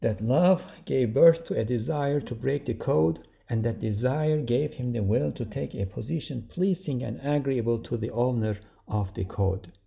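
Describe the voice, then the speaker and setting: Gravelly man with tinny phone-like sound. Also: medium pitch, moderate pace, few pauses. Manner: reads a passage, then explains it in plain words; asks rhetorical questions. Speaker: podcast teacher. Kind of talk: religious text commentary.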